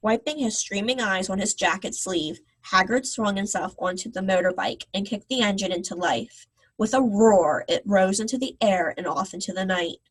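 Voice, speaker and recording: A woman reading a children's book aloud on a live video call, with a gentle, expressive manner. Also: mid-range voice, moderate pace, slightly rough, poor audio. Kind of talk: read-aloud storytelling.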